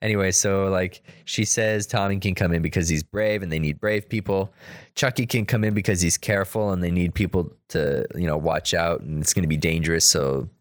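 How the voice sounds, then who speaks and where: A man's voice: sits low, steady tone, a little fast, no echo, studio quality. A man casually retelling a cartoon episode in a rambling, loose way, with lots of fillers and swearing.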